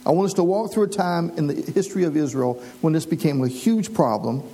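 A man preaching a sermon as pastor, earnest and slowing down to read scripture aloud. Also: a little high, dark tone, soft background music, low-quality recording.

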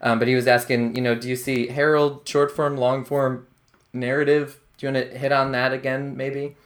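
Brief: male host, casual, halting delivery, mid-range voice. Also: medium pitch, little pitch movement. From Pittsburgh area. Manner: hesitant, many fillers and restarts. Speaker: podcast host. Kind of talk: casual interview chat.

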